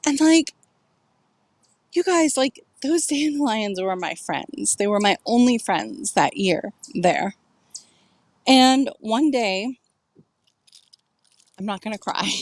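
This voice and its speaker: A woman's voice: a little high, lively intonation, takes it slowly, dry recording. A middle-aged woman telling a personal story to camera, candid and emotional, swearing freely and filling her talk with "like".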